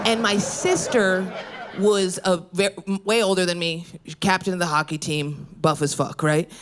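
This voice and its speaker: A woman in her thirties doing a brash, profane stand-up set on a club stage, swinging her pitch wildly when she quotes people. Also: very noisy. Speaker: stand-up comedian. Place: comedy club stage before a laughing audience. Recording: live room with loud crowd laughter.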